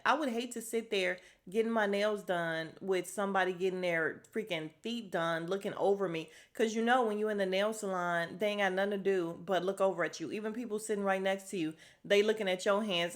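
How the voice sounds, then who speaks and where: A woman talks through a reality show episode on her own podcast, blunt and unfiltered with plenty of profanity. She breaks into quick, animated impressions of what she'd say back, her voice jumping up for the punchlines. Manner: acts out quoted lines with sharp pitch jumps. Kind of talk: casual solo recap podcast.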